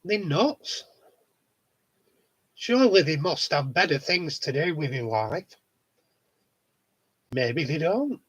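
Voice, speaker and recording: A man's voice: on the high side, big pitch swings, slow pace, long pauses, a bit bright, slightly rough, poor audio. A man in a casual monologue vlog, talking bluntly, swearing freely and chuckling often. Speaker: vlogger.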